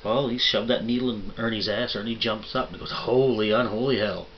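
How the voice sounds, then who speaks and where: A man rambles through crude jokes in a relaxed, folksy drawl, cursing freely. His voice sits fairly low. The recording is dull and lo-fi, with a faint hiss behind him. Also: brisk. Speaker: vlog host telling jokes. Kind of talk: casual joke telling.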